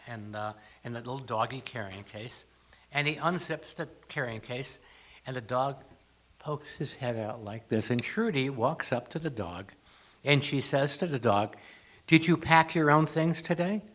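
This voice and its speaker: An older man gives a light, humorous talk to a congregation, telling stories and slipping into acted lines. His voice is bright and sits at a middle pitch. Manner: storytelling with jokes and acted asides. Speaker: guest speaker.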